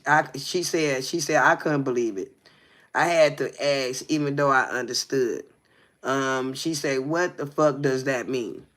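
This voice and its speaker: A man's voice: mid-range voice, sharp tone. A man co-hosting a livestream, reading a text aloud with stumbles and breaking off to ask the listener "you hear me". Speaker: livestream co-host.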